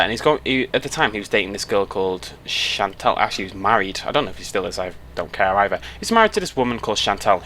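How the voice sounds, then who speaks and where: A man's voice: on the low side, pushed and bright, slight background noise. A young British man chatting casually to camera on a road trip, rambling and cutting himself off as he goes, speaking into a headset mic. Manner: chatty, rambling, self-interrupting. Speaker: YouTuber.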